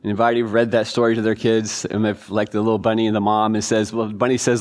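A man teaching a church Bible class in a relaxed, informal way, reading verses and quizzing listeners. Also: fairly low pitch, quick pace, hardly any pauses. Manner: informal, chatty, quizzing the audience. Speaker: pastor.

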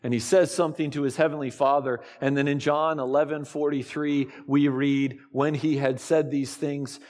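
A man preaching a sermon to his congregation, slow and deliberate, with dramatic pauses. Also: on the high side, little pitch movement, darkish tone, in a large hall. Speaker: pastor.

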